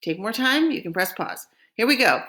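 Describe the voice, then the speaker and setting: Woman teaching french, slow and clear. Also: on the high side, expressive, bright, forceful tone. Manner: slow, clear modeling of French phrases for repetition. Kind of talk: recorded language lesson.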